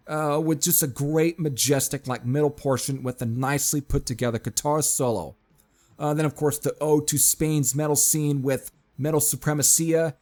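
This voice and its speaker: A man giving a casual spoken review of a metal album, chatting to his viewers as folks and filling pauses with uh. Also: fairly high pitch, darkish tone. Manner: chatty, addresses viewers as folks, frequent fillers.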